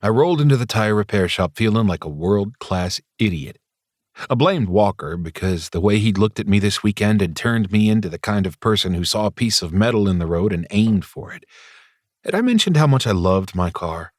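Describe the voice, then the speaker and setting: Male audiobook narrator, deep and wry, confiding first-person read, dry booth sound. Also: lively intonation, moderate pace, dry recording. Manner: wry, confiding inner monologue.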